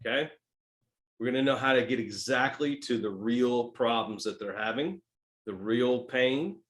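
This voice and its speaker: A sales coach with a Texan drawl drives his points home, punching key words and then dropping to near-quiet asides. He keeps checking in with quick tags like "right?" as he talks. His voice sits at an everyday middle pitch for a man. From Texas. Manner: emphatic, tags lines with "right?" and "okay?"; swings between loud stresses and soft asides. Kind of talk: sales training talk.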